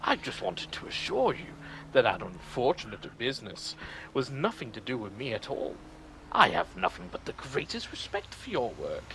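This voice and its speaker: A man mimicking a smug, condescending businessman villain from a video game, in a higher, mock-polite voice. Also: huge pitch swings, normal speed, creaky, sharp tone, slight background noise, exaggerated voice, poor audio. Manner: mock-polite, falsely assuring.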